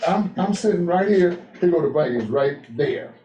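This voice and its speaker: A man's voice: high-pitched, moderate pace, echoey room, dull audio, a little hiss or hum. A man leading a men's group in a motivational talk, telling stories and calling for responses from the room. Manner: animated storyteller, call-and-response with the room.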